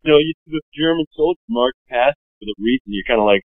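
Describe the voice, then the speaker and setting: A man's voice: medium pitch, animated, fast, no room sound. A man appearing as a podcast guest, telling stories casually in a rambling way full of "you know". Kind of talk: casual storytelling chat. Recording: dry, phone-like narrow sound.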